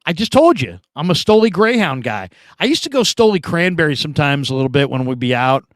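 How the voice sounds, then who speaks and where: A middle-aged man from California hosting a sports show, chatting casually through live comments and telling stories with animated quoted voices. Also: on the high side, a little fast, dry recording, clean studio sound. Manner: animated storytelling, laughs often, acts out quoted voices.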